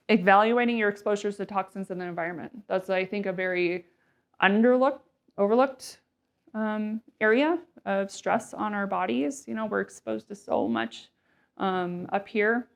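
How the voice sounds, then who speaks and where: A woman's voice: medium pitch, vocal fry. A woman, a nurse practitioner, giving a casual health presentation in a chatty way, with many fillers and asides and small acted-out quotes.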